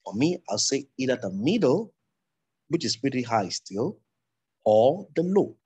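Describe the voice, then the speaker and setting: Husky Nigerian man teaching public speaking. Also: mid-range voice, big pitch swings, measured pace, dark tone, low-quality recording. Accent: Nigerian English. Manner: loose, digressive explaining with restarts. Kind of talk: recorded lecture.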